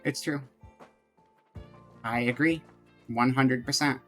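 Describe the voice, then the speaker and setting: A man streams a game live in casual commentary, chatting with viewers and reading on-screen text aloud. His voice is bright and forward at an ordinary male pitch, steady in tone and slow, with faint music beneath.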